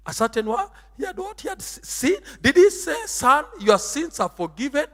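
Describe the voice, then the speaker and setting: A man preaching in a church hall, with a very high, sharp and bright voice. He is emphatic and theatrical, swinging between shouts and a sing-song lilt. A long hall reverb trails behind his words. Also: big pitch swings, normal speed. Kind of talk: sermon.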